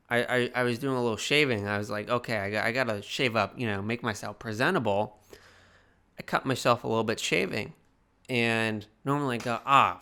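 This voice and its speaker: Young male reviewer, tipsy and profane, rambling, bright clear voice. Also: mid-range voice. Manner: rambling, profane, animated, with many restarts. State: slightly tipsy. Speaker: film reviewer. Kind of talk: casual video review.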